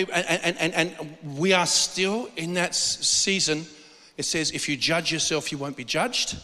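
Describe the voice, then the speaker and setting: Brief: male pastor, high bright voice, animated storytelling sermon, long hall reverb. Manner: animated storytelling with acted-out quotes and laughs.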